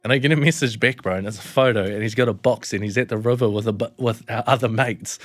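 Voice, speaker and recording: Speaking fast and barely pausing, a young man with a Kiwi accent tells a personal story as a podcast guest. He's relaxed about it, dropping swear words and "bro" throughout, in a medium-pitched voice with no echo.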